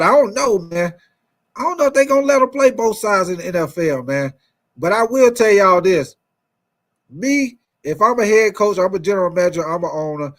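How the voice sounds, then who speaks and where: A man hosting a casual sports talk show, talking energetically and calling out to his viewers. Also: sits high. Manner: energetic, repetitive, calls out to viewers with 'y'all' and 'man'.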